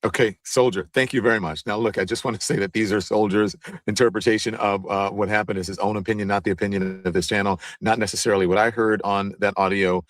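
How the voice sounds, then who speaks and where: A man's voice: lowish voice, fairly even intonation, fast talker, no room sound. A man hosting a livestream talk show, speaking casually and loosely, often stopping and restarting his sentences. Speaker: show host.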